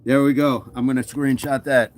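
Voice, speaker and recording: A man's voice: medium pitch, level tone, normal speed. A man hosting a casual fitness live stream, playful and jokey as he chats with viewers on his phone. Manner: playful, jokey, hypes up the chat.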